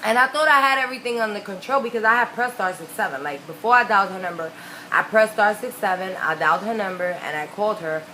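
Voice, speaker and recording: Young woman, casual storytime vlogger, chatty and profane, bright voice, faint hiss behind. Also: medium pitch, fast talker, low-quality recording. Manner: chatty, profane, full of fillers.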